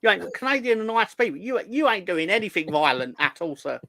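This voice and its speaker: Man, host, higher-pitched voice, playful and rambling, close dry sound. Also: lively intonation, fairly quick, gravelly, bright, forceful tone, dry recording. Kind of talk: casual live show chat, reading viewer comments.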